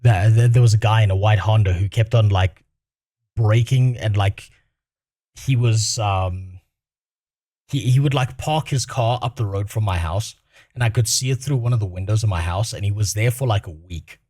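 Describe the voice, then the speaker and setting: A man's voice: fairly low pitch, normal speed, warm tone, no room sound, studio quality. A man streaming his reaction to a clip, in casual, crude, rambling talk that keeps breaking into laughter.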